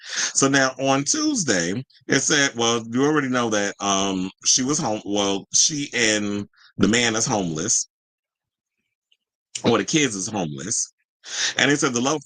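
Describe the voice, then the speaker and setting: A man's voice: lowish voice, sharp tone, no room sound. A man hosting a casual livestream who chats to his viewers, reads a news article aloud and comments on it in a chatty, easily irritated way. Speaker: livestream host.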